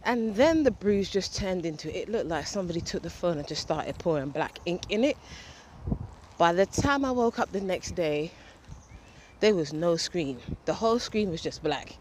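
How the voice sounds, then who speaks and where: A woman's voice: fairly low pitch, lively intonation, moderate pace, darkish tone, rough recording. A woman hosting a casual solo podcast while walking through a windy park on a headset mic, slightly out of breath, chatty and rambling with casual swearing. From England. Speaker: podcast host. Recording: outdoor wind and street noise.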